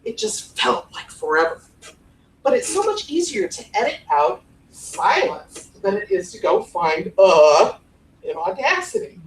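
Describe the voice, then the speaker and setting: A woman presenting at a conference speaks in an animated, playful way, demonstrating tones of voice in a live workshop on podcast voice technique. She's from the Cleveland area, and her voice sits on the high side at a measured pace. It's a roomy, distant recording in an echoey conference room with an audience, with a little hiss or hum.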